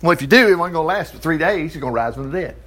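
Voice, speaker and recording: A man preaching a sermon, reading scripture and commenting with animated exclamations. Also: a little high, rapid-fire. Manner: animated, exclaiming and chuckling between verses. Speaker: preacher teaching from the Bible.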